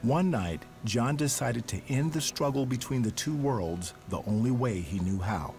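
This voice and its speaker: A man reading the scripted narration of a documentary in a measured storytelling voice. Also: mid-range voice, animated, a little mellow, faint music behind.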